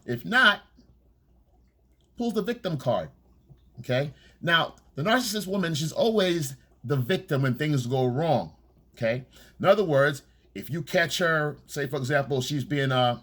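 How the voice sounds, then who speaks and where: Blunt, husky-voiced male dating coach. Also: fairly high pitch, animated, measured pace, fairly bright tone. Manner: blunt and profane, keeps checking in with "okay?". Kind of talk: casual coaching monologue.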